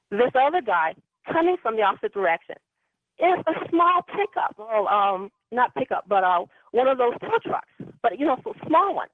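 A woman's voice: fairly high pitch, very animated, moderate pace, dry recording. A woman calling in to a radio show, telling a personal story in a chatty, rambling way. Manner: chatty, rambling with many ums and anyways. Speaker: caller. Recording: dry tinny phone line.

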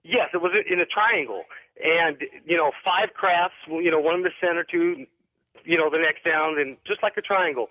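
A man's voice: on the high side, moderate pace, no room sound. Man calling in over a thin phone line. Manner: rambling, hesitant, lots of ums and restarts. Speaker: caller. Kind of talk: telling a story on a radio call-in show.

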